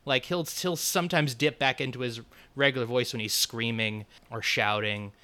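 A man co-hosts a casual movie review podcast, trading wry jokes and laughs. His voice is bright and forceful, with a smooth, crisp clarity. He sounds at ease and chatty. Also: mid-range voice, fairly even intonation, moderate pace. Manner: wry, laughs often, brief impressions. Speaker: podcast co-host.

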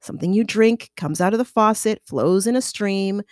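A woman's voice: medium pitch, moderate pace, dry recording, clean studio sound. A woman from the United States hosting a casual solo podcast, chatty and playful, who slips into accent impressions as she talks.

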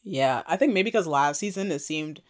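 A woman's voice: low-pitched, expressive, moderate pace. A woman co-hosting a casual chat, laughing often as she retells scenes. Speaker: podcast co-host recapping a TV show.

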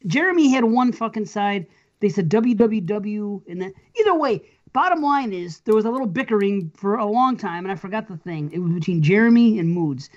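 A woman hosting a podcast in casual chat, rambling, laughing often and swearing casually. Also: a little high. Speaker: podcast host. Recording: muffled lo-fi audio.

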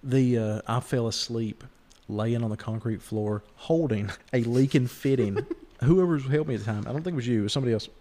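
A man's voice: medium pitch, a little fast, few pauses, mellow, a little hiss or hum. A man hosting a podcast, rambling through stories and mimicking the people in them. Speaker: podcast host. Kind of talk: casual storytelling chat.

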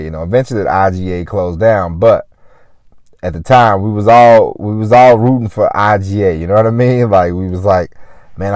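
A man's voice: deep voice, a little mellow, no echo. A man hosting a podcast, rambling in a casual motivational monologue and saying "you know" again and again. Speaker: podcast host.

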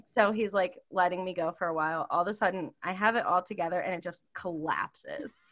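Animated woman telling a funny story. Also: fairly quick. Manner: animated, laughs often, acts out quotes in high voices. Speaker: podcast co-host. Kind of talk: casual chat, storytelling.

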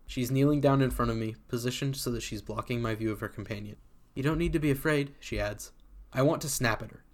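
A man reading a first-person story aloud in a casual, sardonic voice that swears freely. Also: medium pitch. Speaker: community reader.

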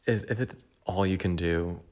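A man with a low voice hosts a solo podcast in casual, unscripted talk. He rambles candidly, often restarting and stuttering through his sentences, with a self-deprecating, confiding manner. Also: moderate pace, a little mellow. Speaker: podcast host.

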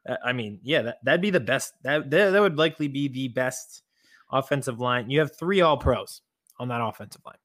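A man co-hosting a casual sports podcast, talking in an animated, emphatic way. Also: medium pitch, brisk, no echo, studio quality. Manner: animated, emphatic, catchphrase-prone. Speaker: podcast co-host.

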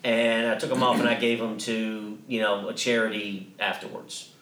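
Low-voiced man rambling in an echoey room. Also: flat delivery, fairly bright tone, distant mic. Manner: rambling, halting, swears casually. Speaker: podcast co-host. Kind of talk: casual storytelling chat.

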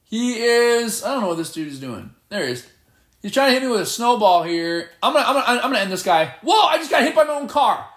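A man giving live gameplay commentary, excitable and playfully boastful as he trash-talks. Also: extremely high pitch, quick pace, reverberant. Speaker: gamer.

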